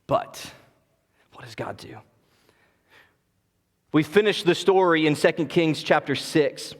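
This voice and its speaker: A male pastor preaching a sermon, rising to loud emphatic lines and dropping to hushed, quiet passages. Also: on the high side. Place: church sanctuary. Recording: long hall reverb of a church.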